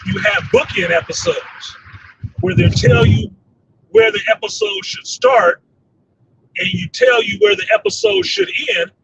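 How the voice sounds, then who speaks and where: Animated gravelly man on a dull distant mic. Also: extremely high pitch. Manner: animated, laughing often, swearing freely. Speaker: host of a fan chat show. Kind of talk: casual livestream chat reading comments. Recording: slightly distant dull mic with faint noise.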